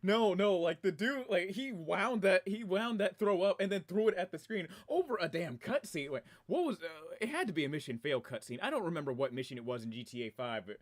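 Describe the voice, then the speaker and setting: A man chatting casually on his game livestream from a room at home, excitable and rambling, often breaking into laughter. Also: sits high, brisk, few pauses. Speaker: game streamer.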